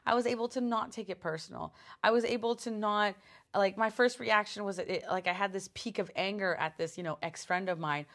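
On her podcast, a woman speaking fairly quickly in a mid-range voice shares a personal story with lively, casual energy. It's full of swearing, fillers, and false starts.

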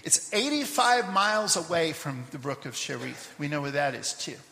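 A man preaching a sermon, telling a scripture story in a lively way with asides to the congregation; he grew up in Papua New Guinea. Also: fairly high pitch, moderate pace, gravelly, echoey room, big-room sound. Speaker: pastor. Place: church sanctuary.

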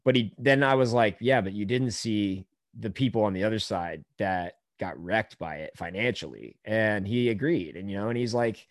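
A man's voice: lowish voice, normal speed, hardly any pauses, no echo. A man hosting a podcast in a crude, joking, ranting casual chat. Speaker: podcast host.

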